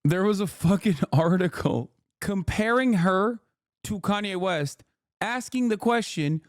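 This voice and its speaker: A man's voice: sits high, animated, unhurried, dry recording, studio quality. A man hosting a stream, talking in a profane, sarcastic, rambling way. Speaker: streamer host. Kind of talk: casual commentary.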